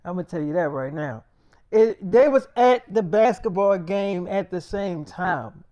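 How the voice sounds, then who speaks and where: A man's voice: high voice, animated, a little slow, warm tone, no room sound, highs cut off. A man telling an improvised story in a casual, slangy, rambling way, often stumbling and restarting his words.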